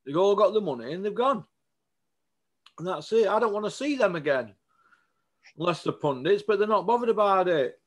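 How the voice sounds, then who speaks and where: Here a male boxing vlogger speaks in a high voice at a moderate pace, pausing often. His casual rant to camera is blunt and animated, and he keeps asking for agreement.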